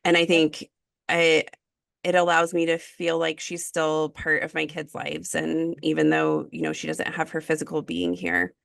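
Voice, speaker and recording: A woman hosting a podcast, with a low, grounded voice. She talks openly and personally in casual conversation. The sound is dry and close, with no room echo. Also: normal speed, gravelly, a bit bright. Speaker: podcast host.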